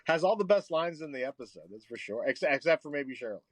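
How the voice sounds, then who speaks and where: Lively-pitched podcast guest, a man. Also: fast, dry recording. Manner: animated, laughs easily. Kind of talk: casual chat.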